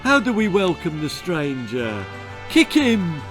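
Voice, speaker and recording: A man voicing a gullible, excited village crowd in a storybook reading, with shrill, giddy shouting. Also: slow, over music, exaggerated voice.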